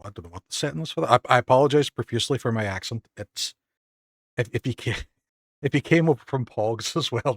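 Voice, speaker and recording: A Northern Irish man streaming a game live, chatting casually with viewers and thanking them, excitable and self-mocking. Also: mid-range voice, creaky, husky, no echo, studio quality. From Northern Ireland.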